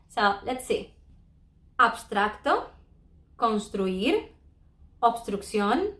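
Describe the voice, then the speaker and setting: A high-pitched woman teaches an online language lesson, breaking words into syllables slowly and carefully. Her voice rings out in a roomy, echoey space. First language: Spanish. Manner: slow, careful spelling out of syllables. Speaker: Spanish teacher.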